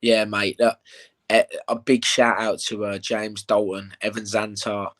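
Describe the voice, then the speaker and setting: Chatty fighter, says mate a lot. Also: male voice, lowish voice, measured pace. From England. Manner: animated storytelling, swears, says "mate" a lot. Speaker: bare-knuckle fighter, interview guest. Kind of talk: casual interview chat.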